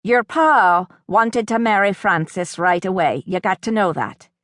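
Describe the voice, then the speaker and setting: A woman reading an audiobook, voicing a kindly, gentle uncle who is a big farmer, in an earnest, reassuring way. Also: mid-range voice, a little slow, no echo, clean studio sound, lightly acted.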